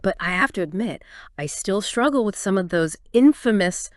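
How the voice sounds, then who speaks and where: Smooth-voiced upbeat woman co-host. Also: medium pitch, animated, normal speed, dry recording, clean studio sound. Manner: upbeat, curious, likes analogies. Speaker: podcast co-host. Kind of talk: educational podcast chat.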